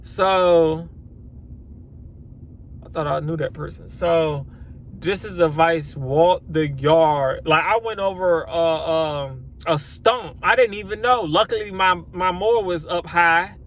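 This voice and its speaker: A man who runs a lawn care business, chatting casually to the camera outdoors, rambling and animated as he acts out his own reactions. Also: fairly high pitch, slow. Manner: swears then apologizes. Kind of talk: casual vlog storytelling.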